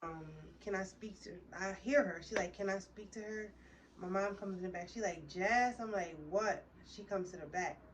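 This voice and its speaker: A woman's voice: lowish voice, normal speed, few pauses, distant mic, a little hiss or hum. A woman vlogger telling a heated, profane story straight to her viewers in a casual storytime.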